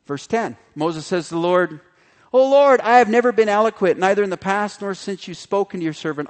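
A man's voice: sits high, fairly quick. Preacher man in a reverberant hall. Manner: animated, acts out the figures' voices in quotes. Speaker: pastor. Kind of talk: sermon.

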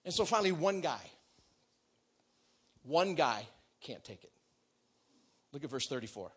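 Animated, high-voiced man preaching a story. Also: measured pace, husky. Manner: acts out characters with shouts and whispers.

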